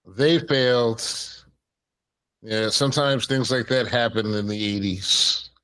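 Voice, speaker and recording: A man's voice: on the low side, normal speed, bright, forceful tone, poor audio. A man hosting a podcast, chatting casually and playfully with his co-hosts. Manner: playful, introduces guests with flourish. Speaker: podcast host. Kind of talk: casual chat.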